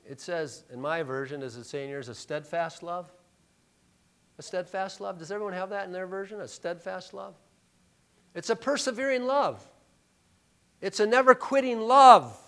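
With a high voice, a male pastor delivers an emphatic sermon full of rhetorical questions. He drops to a hush, then builds back up to loud preaching.

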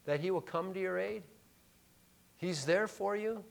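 A male pastor preaches an emphatic sermon packed with rhetorical questions, sinking to a hush before rising loud again. His voice sits high and sounds gravelly, and he speaks a little slowly.

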